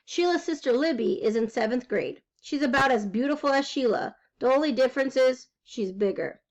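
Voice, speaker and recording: A woman reading a children's chapter book aloud in a high voice. She keeps the first-person telling lively and wry, like a kid sharing a story. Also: fairly quick, lo-fi sound. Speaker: reader.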